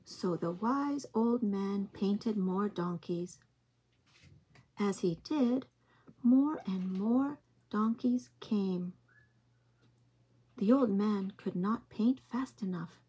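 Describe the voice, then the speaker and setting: Slow, breathy woman reading aloud. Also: medium pitch, highs cut off. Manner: slow, gentle, expressive read-aloud. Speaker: early-years storytime reader. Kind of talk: reading picture books aloud to young children.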